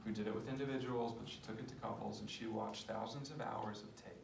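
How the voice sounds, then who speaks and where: A man with a gravelly voice, a couples therapist, passionately explaining his therapy method in an interview. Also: lowish voice, steady tone, quick pace. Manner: passionate, demonstrates with role-play. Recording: echoey room, distant mic, noisy.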